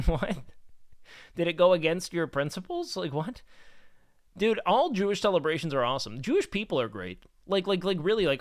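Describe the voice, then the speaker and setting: A man chatting casually on a live stream, rambling with lots of fillers and getting animated when he rants. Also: on the high side, dry recording. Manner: rambling, heavy with fillers like "like" and "you know"; worked-up and animated when ranting. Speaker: streamer reading chat.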